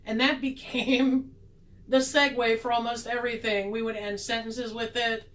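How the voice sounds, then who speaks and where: A woman's voice: a little high, flat delivery, normal speed, a bit bright, poor audio. A woman vlogging a tarot reading in a casual, sarcastic, self-mocking way, laughing often.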